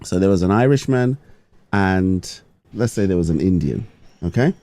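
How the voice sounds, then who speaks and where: A man co-hosting a show, chatting casually in a jokey, animated way. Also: low voice, normal speed. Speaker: co-host. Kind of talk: casual chat.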